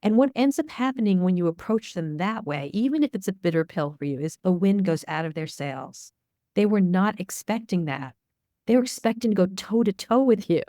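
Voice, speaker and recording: A woman's voice: mid-range voice, animated, moderate pace, dark tone, no echo, clean studio sound. A middle-aged woman, a media expert guest, answering interview questions in a candid, storytelling way. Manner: candid, storytelling, acts out dialogue.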